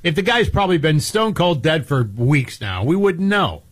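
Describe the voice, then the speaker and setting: A man's voice: on the high side, lively intonation, moderate pace. A man co-hosting a radio show, sounding puzzled and exasperated in casual banter. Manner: exasperated, quizzical. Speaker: radio co-host.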